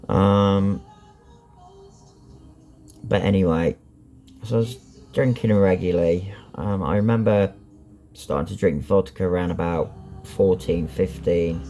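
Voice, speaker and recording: With soft music behind him, a man with a low, mellow voice talks unhurriedly and pauses often in a candid vlog about his life. Frank and blunt, he swears and rambles, saying um and you know a lot.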